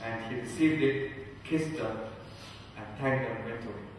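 A man's voice: medium pitch, moderate pace, a little hiss or hum. A male pastor giving a sermon, telling a story earnestly and building to fervent emphasis. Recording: echoey hall from far off.

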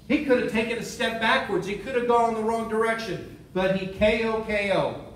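High-voiced preacher in an echoey church. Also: male voice, a little fast, a bit bright, far from the mic. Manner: storytelling preacher, repeats key phrases. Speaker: pastor. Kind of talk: sermon. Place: church sanctuary.

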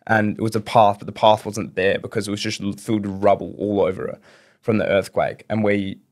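A young man, his voice sitting fairly low, tells a rambling story on a casual podcast. He stumbles through restarts and "like"s as the story tumbles out. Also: little pitch movement. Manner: rambling, fast, lots of fillers and restarts. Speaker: podcast guest.

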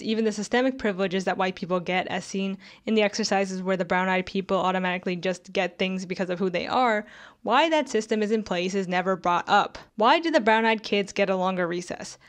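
Young woman doing a scripted video essay, critical, chatty, bit sarcastic. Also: mid-range voice. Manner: critical, conversational, with sarcastic asides.

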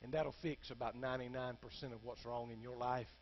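A man preaching a sermon as a pastor, swinging between hushed words and loud, impassioned calls to the congregation. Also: mid-range voice, fairly even intonation, fairly quick, lo-fi sound, slight background noise.

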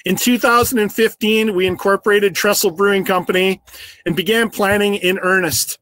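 High-voiced man giving a speech. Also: fairly even intonation, fairly bright tone. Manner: earnest, storytelling, with slow emphatic phrases. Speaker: business owner giving an awards speech. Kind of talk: prepared speech.

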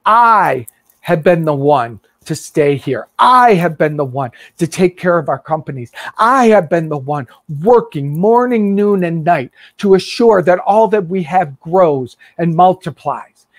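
A man's voice: on the high side, lively intonation, measured pace, no room sound. A man doing an indignant resentful older brother. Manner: indignant, ranting.

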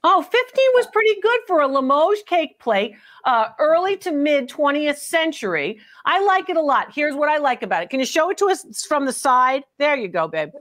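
A woman's voice: sits high, sing-song, normal speed, few pauses, a bit bright. A woman hosting a live antiques appraisal show, chatting and teasing with callers, calling them honey and laughing often. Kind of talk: lively live-stream chat with callers.

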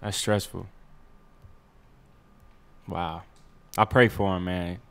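A man's voice: sits low, steady tone, takes it slowly, gravelly, fairly bright tone, clear, resonant tone. Laid-back man podcast co-host. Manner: laid-back, lots of agreeing back-channel. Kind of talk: casual group chat.

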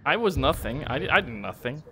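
A man's voice: mid-range voice, big pitch swings, a little fast, bright, forceful tone, a little hiss or hum. A man streaming a shooter game live, swearing and muttering to himself as he plays. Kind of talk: live gameplay chat.

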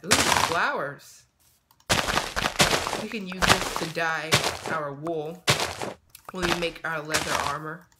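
A man talks his way through a game in an easygoing let's-play ramble, muttering to himself and bursting out when something catches his eye. His voice is bright and forceful. A soft hiss and the odd mouse click sit under the recording from his home setup. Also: a little high. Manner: chatty self-talk, quick excited outbursts. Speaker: gaming channel host. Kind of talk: casual let's-play commentary.

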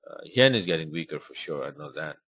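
Very deep, slightly rough and a bit bright, his voice comes across animated and fast with no room sound. He's hosting a live forex trading webinar, chatting loosely over charts in rambling English full of fillers.

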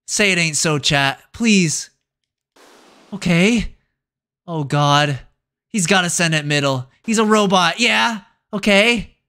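A young man giving excitable live commentary as a streamer, yelping and groaning at the game. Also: high-pitched, slow pace. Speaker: VTuber streamer.

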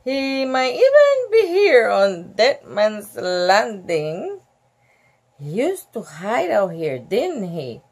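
A woman's voice: mid-range voice, wildly swooping pitch, takes it slowly, a little mellow, husky, heavily acted. A woman voicing an adventurous male seafaring uncle in a plain read-aloud voice with giggles. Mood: bold.

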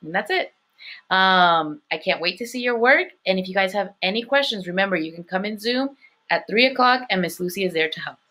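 A woman's voice: mid-range voice, expressive, fairly quick, sharp tone. A woman teaching an elementary school phonics lesson, patient, sounding words out and checking in with "okay" after each point. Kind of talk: recorded online phonics lesson.

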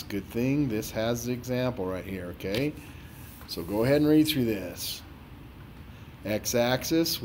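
A man's voice: mid-range voice, a little mellow, a little hiss or hum. Exasperated, sarcastic male math teacher. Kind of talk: dramatized tutoring walkthrough.

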